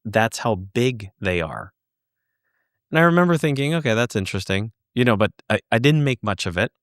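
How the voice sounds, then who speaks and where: A man as a podcast guest, telling a long personal anecdote in a casual, animated way and acting out the dialogue. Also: on the low side, normal speed, no room sound, clean studio sound. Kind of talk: casual storytelling.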